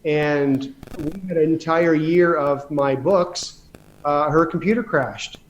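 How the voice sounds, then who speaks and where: Guy from canada telling long business stories, kinda high voice, rambly, keeps restarting. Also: slow pace, dull audio, slight background noise. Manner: rambling, many restarts, emphatic asides. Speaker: podcast guest, real estate investor. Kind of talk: casual storytelling in conversation.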